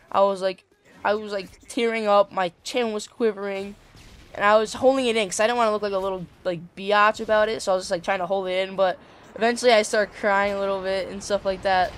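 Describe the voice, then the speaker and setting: A man's voice: high-pitched, a bit bright, clean tone. Rambling teenage guy telling a story. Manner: rambling, filler-heavy, swears casually. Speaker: gaming channel host. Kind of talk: casual storytelling over gameplay.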